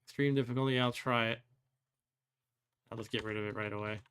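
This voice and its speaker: A man's voice: medium pitch, steady tone, brisk, fairly bright tone, smooth. A man hosting a let's play, thinking aloud as he plays, musing and second-guessing himself with wry complaints and frequent chuckles. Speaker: host.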